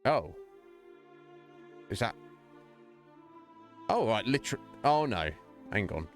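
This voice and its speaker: Male streamer, lowish voice, loose rambling let's-play chatter over faint game music. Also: sing-song, slow. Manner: rambling, thinking aloud while playing. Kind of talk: casual let's-play commentary.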